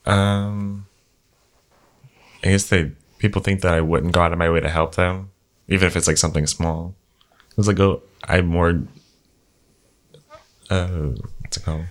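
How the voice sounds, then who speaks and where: A man's voice: deep voice, a bit bright. A young man answering questions in a casual family chat, hesitant and thinking aloud as he speaks. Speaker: guest. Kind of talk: casual conversation.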